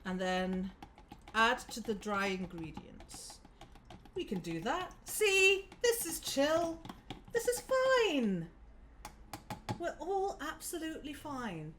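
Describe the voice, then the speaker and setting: A woman hosts a casual cooking stream from her home kitchen, talking through each step and laughing often. Her voice sits a little high and swings up and down with lots of expression. A faint background hum runs under her. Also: big pitch swings, slow, pauses often, a bit bright. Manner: chatty, giggly, talks through each step aloud. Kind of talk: casual live-stream chat while cooking.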